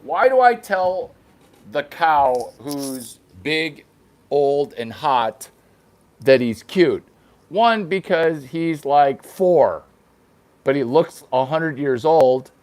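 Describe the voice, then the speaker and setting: Slow-talking playful joking vlogger man. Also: a little high, lively intonation, a little mellow. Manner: playful, crude jokes, exaggerated baby talk. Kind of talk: casual vlog chatter.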